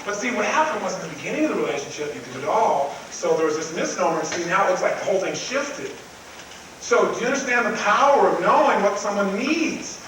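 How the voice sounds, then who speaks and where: A man in his twenties giving a live seminar talk, animated, swinging between loud points and hushed tender tones, recorded from a distance in a large room. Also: sits high, fast. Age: 20s. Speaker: seminar speaker. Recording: very echoey, distant, noisy old live recording.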